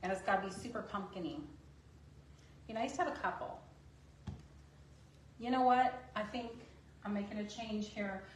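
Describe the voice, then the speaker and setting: A woman's voice: mid-range voice, normal speed, pauses often, roomy sound, slight background noise, rough recording. A woman hosting a casual painting tutorial at her craft table, chatty and making self-deprecating asides.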